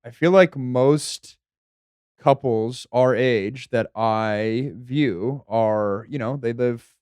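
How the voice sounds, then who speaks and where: Young man, podcast guest, easygoing and thoughtful, smooth resonant voice, dry close mic. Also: mid-range voice, very slow, no echo. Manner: relaxed, reflective, thinks aloud with restarts. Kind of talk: casual chat.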